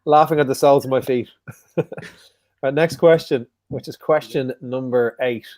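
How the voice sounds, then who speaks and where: Male quiz host, joking and unhurried, in a dry close sound. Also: medium pitch, fairly even intonation, a little mellow, no echo. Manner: jokey, repeats each question slowly. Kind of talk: casual live quiz hosting.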